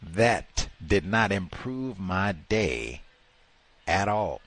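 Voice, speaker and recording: Slow, deep-voiced man telling a story. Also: expressive, fairly bright tone. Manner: rambling, exasperated storytelling with many "like" fillers. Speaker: talk show host. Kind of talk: casual anecdote telling.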